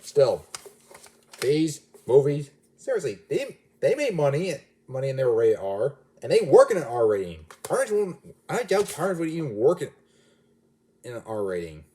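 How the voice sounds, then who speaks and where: A man's voice: medium pitch, sing-song, moderate pace, warm tone. A man giving a casual, rambling movie review, often restarting and correcting himself mid-sentence. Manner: rambling, self-correcting, chatty.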